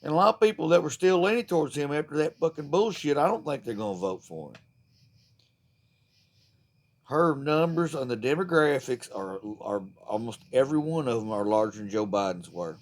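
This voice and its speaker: A man's voice: mid-range voice, animated, moderate pace. A man delivering a profane, fired-up, rambling political rant to the camera. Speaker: vlogger.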